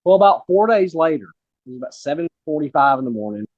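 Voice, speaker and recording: A man's voice: a little high, very animated, fast talker, dry recording, muffled recording. A man in his forties hosting a casual interview, telling a rambling personal story. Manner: rambling, many fillers and restarts. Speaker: host.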